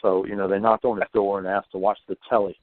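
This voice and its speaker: On a dry, phone-like line, a male guest author on paranormal folklore talks fast in a fairly low, level voice. It's a casual podcast interview, and he comes across as thoughtful while frequently tripping over and repeating words.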